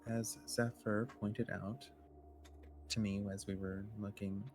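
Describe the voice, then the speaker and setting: A man playing a tabletop game who speaks in a calm, measured way. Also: on the low side, noisy background. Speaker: player. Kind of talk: casual tabletop game chat.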